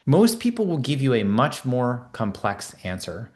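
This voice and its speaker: A middle-aged leadership coach explains ideas in a podcast interview at a measured pace and medium pitch. He acts out quoted conversations in lively voices.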